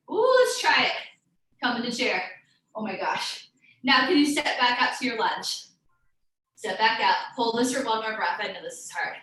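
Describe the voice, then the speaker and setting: Bright, forceful and high, a yoga instructor's voice carries through a live class as she encourages students and calls them out by name. She sounds distant from the mic in a very echoey room with faint background noise.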